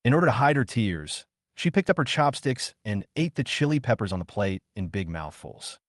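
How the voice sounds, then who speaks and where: A man narrating a scripted drama story in a steady storytelling manner. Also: medium pitch, normal speed, no room sound, clean studio sound.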